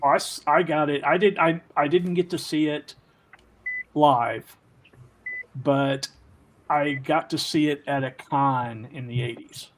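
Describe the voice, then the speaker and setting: A man in his fifties in a casual chat, reminiscing in a halting way. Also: a little high, fairly even intonation, slight background noise, low-quality recording.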